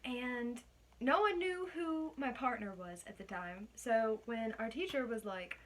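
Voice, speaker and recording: Young woman, higher voice, guest telling a laughing, chatty story. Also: measured pace, a bit bright, slight background noise. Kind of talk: casual storytelling.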